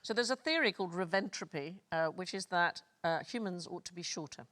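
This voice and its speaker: A woman's voice: lowish voice, brisk, a bit bright. A woman hosting a comedy quiz panel, telling odd stories in a dry, wry way. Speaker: quiz show host.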